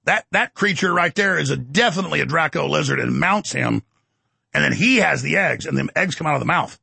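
A man hosting a show, ranting rapidly through political commentary and breaking into mocking impressions. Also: a little high, animated, creaky, sharp tone, slightly rough, no echo. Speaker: host.

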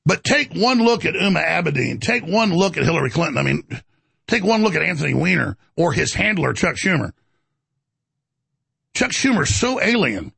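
A man hosting a talk show, ranting in a rambling, animated, indignant monologue. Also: a little high, gravelly, husky, no room sound.

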